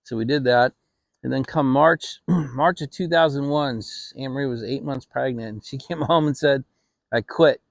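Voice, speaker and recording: A middle-aged man hosting his own channel, telling a family story in a relaxed, rambling way with frequent restarts. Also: mid-range voice, moderate pace, gravelly, dry recording. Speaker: channel host. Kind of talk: casual storytelling. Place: home, relaxed fireside setting.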